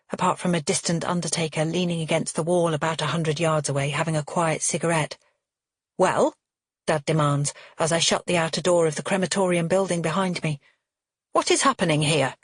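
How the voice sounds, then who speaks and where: Female thriller audiobook narrator, husky, lowish, dry close-mic sound. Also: dry recording. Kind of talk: first-person thriller narration.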